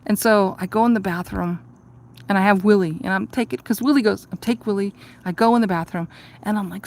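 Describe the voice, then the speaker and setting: A woman's voice: medium pitch, fairly quick, darkish tone. Rambling, profane woman vlogger. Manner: profane, ranting, laughs at herself. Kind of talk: casual rambling storytelling.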